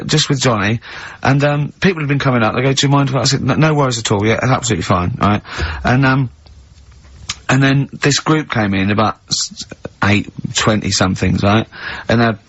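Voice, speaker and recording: A man hosting a radio show, telling stories in lively banter and acting out the other people's lines. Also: medium pitch, slightly rough. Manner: animated storyteller who acts out other people's lines. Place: radio studio. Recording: lo-fi radio recording.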